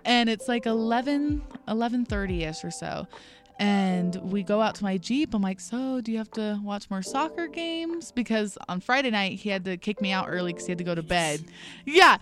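A young woman in her twenties telling a long story in casual chat, animated, full of "like", acting out what people said. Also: mid-range voice, normal speed, faint music behind. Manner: animated, lots of "like", acts out quotes. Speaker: guest. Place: a bar or restaurant.

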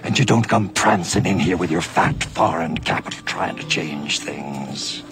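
A man's voice: low voice, gravelly, over music. An actor playing a scheming older frontier businessman with an Irish accent, speaking in an intimidating, scornful way. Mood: menacing. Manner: intimidating, scornful, drawn-out emphasis. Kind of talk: Western film acting.

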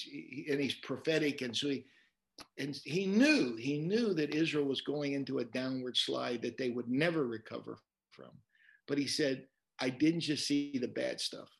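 A man's voice: mid-range voice, gravelly. A man, a pastor, speaking as an interview guest, talking in a conversational preaching way and quoting scripture as he tells stories. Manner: animated storyteller, repeats words while quoting scripture.

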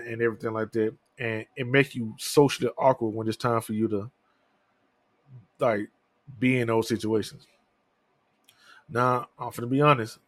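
A man in his thirties hosts a podcast alone, talking candidly, profanely and ramblingly in a casual solo style. His voice sits in the mid range, and the recording is dry.

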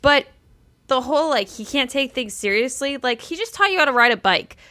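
A woman's voice: high voice, expressive, fairly quick, bright, forceful tone, no echo. A woman co-hosting a podcast, chatting bluntly and casually, with plenty of swearing. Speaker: podcast co-host. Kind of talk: casual recap chat.

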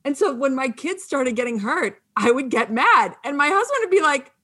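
A woman hosting a casual chat, animated and peppering her talk with "like.". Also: sits high, normal speed, few pauses. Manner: animated, many "like" fillers.

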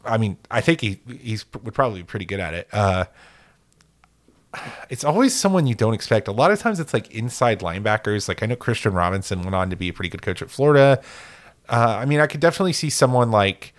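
A man's voice: fairly low pitch, sing-song, fast talker. A man co-hosting a casual sports podcast, rambling and joking with lots of fillers and restarts. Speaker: podcast co-host.

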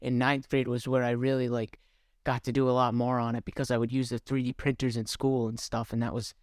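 A man's voice: mid-range voice, little pitch movement, brisk, no room sound, clean studio sound. A young man co-hosting a casual podcast, talking hesitantly with frequent restarts and fillers. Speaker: podcast co-host. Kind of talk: casual chat.

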